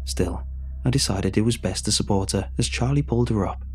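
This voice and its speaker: Low-voiced man narrating a horror story. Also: brisk, a little mellow, a little hiss or hum.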